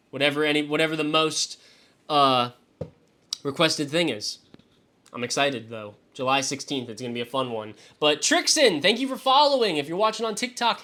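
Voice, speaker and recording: A man's voice: fairly high pitch, pushed and bright. A young man streaming live, chatting casually and swearing loosely as he reacts to his chat. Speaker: fantasy football streamer.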